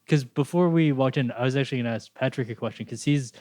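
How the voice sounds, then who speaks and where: A man with a mid-range voice, guesting on a comedy podcast. He tells anecdotes quickly and with animation. The sound is close and dry. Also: mid-range voice, darkish tone, no echo. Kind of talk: casual comedic banter.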